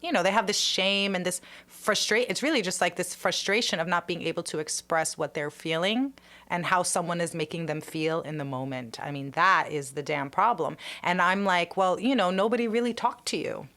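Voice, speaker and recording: A woman's voice: fairly low pitch, moderate pace, a bit bright. A woman therapist co-hosting a casual podcast chat, supportive and often answering with short agreements.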